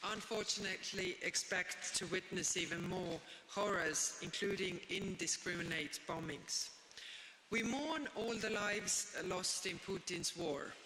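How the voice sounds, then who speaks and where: A woman, a prime minister, delivering a formal press statement in a measured way with frequent "uh" fillers. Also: mid-range voice, pushed and bright, slight background noise. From Estonia. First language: Estonian. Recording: echoey hall with long reverb.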